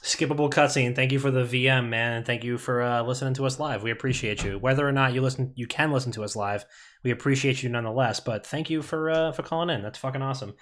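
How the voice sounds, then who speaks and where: A man's voice: medium pitch, quick pace, a bit bright. A man hosting a casual podcast, joking around in mock-formal phrasing. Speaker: podcast host.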